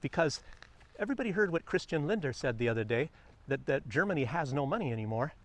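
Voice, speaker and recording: A man vlogging outdoors on a quiet morning walk, chatting loosely about the news, meandering and often chuckling. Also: on the high side, big pitch swings, fast. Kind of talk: rambling commentary on the news.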